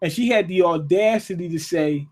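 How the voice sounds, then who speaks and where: Dude with a pretty high voice cussing his way thru a show recap, blunt, lots of rhetorical questions. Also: normal speed, a little mellow. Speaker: TV episode reviewer. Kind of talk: casual rant-style recap.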